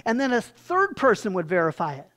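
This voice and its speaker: A pastor preaching a sermon with animated storytelling and emphatic turns. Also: mid-range voice, brisk.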